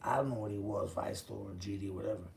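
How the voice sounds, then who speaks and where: A man's voice: fairly low pitch, steady tone, fast, gravelly, darkish tone, slight background noise. A man in his fifties from the Chicago area, telling his own prison story in a blunt, profane, street-talk way. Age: 50s. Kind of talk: casual storytelling.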